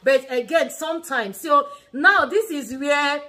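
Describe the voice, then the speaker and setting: A woman's voice: high-pitched, a little slow, pushed and bright. A Nigerian woman in her thirties hosting a family vlog, chatting casually and animatedly, often laughing and restarting her phrases. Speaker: family vlog host and mother. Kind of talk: casual teaching chat.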